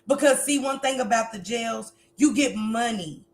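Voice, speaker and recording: A woman's voice: a little high, moderate pace, few pauses, darkish tone. A woman hosting a livestream, talking straight to her viewers in an emotional, preaching way. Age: adult with a grown son. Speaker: livestream host. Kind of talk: casual livestream commentary.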